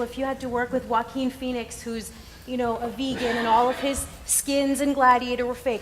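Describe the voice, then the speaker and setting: A woman in the audience asking a long, rambling, hesitant question. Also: fairly high pitch. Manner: rambling, hesitant, many restarts. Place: large hall with audience. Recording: echoey hall, light hiss.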